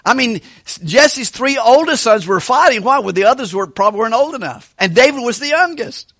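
A man preaching a Bible study sermon with animated, questioning delivery in a church hall. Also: very high voice, a little fast, clean studio sound. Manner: animated, asks questions of the congregation. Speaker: pastor.

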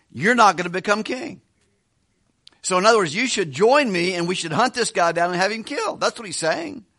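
A man's voice: high-pitched, a bit bright. A man teaching through a Bible passage verse by verse, talking conversationally with rhetorical questions and frequent restarts. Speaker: preacher.

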